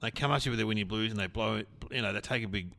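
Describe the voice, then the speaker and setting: A man's voice: fairly low pitch, rapid-fire, creaky, pushed and bright. A man, co-hosting a casual comedy podcast and spinning playful stories. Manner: playful storyteller, acts out quoted characters. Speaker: podcast co-host.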